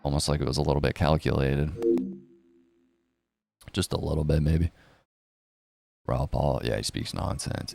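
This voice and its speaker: Gravelly, deep-voiced man ranting about markets. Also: steady tone, moderate pace, long pauses, mellow, faint music behind. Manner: profane, sarcastic, mocks others in put-on voices. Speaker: crypto news commentator. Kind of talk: casual rant commentary.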